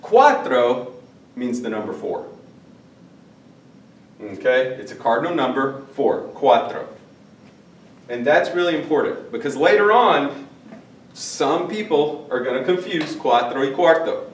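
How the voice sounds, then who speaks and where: A man's voice: mid-range voice, animated, a little slow, long pauses. A man teaching a Spanish class at a whiteboard, joking between number drills. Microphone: far camera. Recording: echoey classroom from far off.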